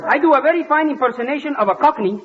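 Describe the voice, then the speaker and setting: A man's voice: very high voice, very fast. A man playing an eager, bumbling mimic in a 1940s radio comedy. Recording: muffled old radio recording with hiss.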